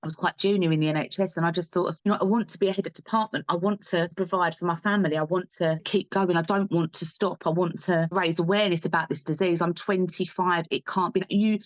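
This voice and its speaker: Quick earnest woman on a podcast, dry slightly dull sound, keeps repeating for emphasis. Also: lowish voice, fairly even intonation, no room sound. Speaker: podcast guest. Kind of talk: candid interview talk.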